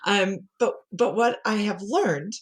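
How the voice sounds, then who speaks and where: A middle-aged woman, a communication coach, chatting as a podcast guest and telling animated stories with frequent laughter. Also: medium pitch, slow, breathy edge. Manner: lively storyteller who laughs often and acts out quotes. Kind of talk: conversational podcast interview.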